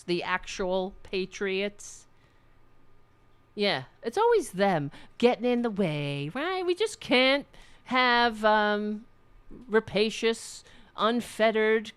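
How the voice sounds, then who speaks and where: A woman's voice: medium pitch, clean tone. A woman hosting a political livestream, ranting with anger and sarcasm and swearing often. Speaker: host.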